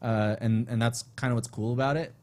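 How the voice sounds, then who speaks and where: A man's voice: mid-range voice, fairly even intonation, a little fast, darkish tone. A young man co-hosting a podcast in casual chat, rambling with restarts. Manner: rambling, many restarts and fillers. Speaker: podcast co-host.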